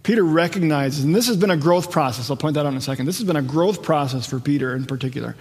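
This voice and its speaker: A man's voice: on the high side, quick pace, a little mellow, slightly rough, in a large hall. A man preaching a conversational, earnest sermon as a pastor, often restarting and rephrasing his thoughts.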